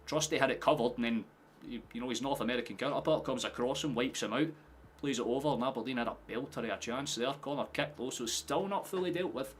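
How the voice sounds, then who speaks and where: A man casually commentating a football match live for his stream, chatty, swearing and quick to laugh. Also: mid-range voice, slight background noise. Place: home streaming setup with headphones.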